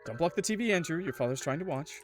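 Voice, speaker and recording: A man's voice: on the high side, animated, rapid-fire, faint music behind, pitched above the performer's own voice, close to an everyday voice. A man voicing a strict, controlling middle-aged mother who speaks in stern, clipped orders. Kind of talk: game voice acting.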